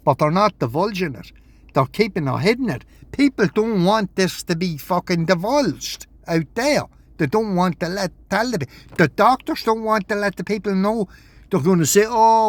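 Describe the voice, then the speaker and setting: A man's voice: high voice, no room sound. A man talking in a rambling vlog monologue, agitated, swearing and repeating himself. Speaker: vlogger.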